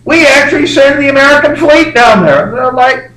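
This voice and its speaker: A man's voice: very high voice, lively intonation, fairly quick, pushed and bright, recorded from a distance. A male history teacher giving a rambling, joking classroom lecture full of fillers. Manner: rambling, jokey, many fillers. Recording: echoey classroom, faint background noise.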